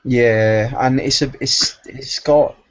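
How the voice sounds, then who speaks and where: A man's voice: medium pitch, fairly even intonation, slow pace. A man chatting hesitantly on a live stream about his video channel, full of stops and fillers. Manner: hesitant, many fillers and restarts. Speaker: guest YouTuber. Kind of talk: casual live-stream chat. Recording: dull lo-fi sound.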